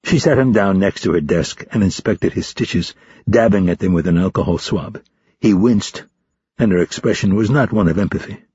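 Husky male audiobook narrator. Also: deep voice, moderate pace, darkish tone, no echo, dull audio. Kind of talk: scripted first-person narration.

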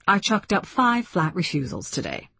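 A woman's voice: on the low side, wildly swooping pitch, moderate pace, bright, forceful tone, exaggerated voice. A woman voicing a frustrated female linguist who speaks sharply and impatiently.

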